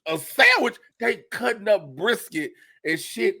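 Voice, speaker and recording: A man hosting a podcast, telling a funny story in casual chat with big excited outbursts. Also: sits high, unhurried. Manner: animated, swings into loud excited shouts and laughs. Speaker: podcast host.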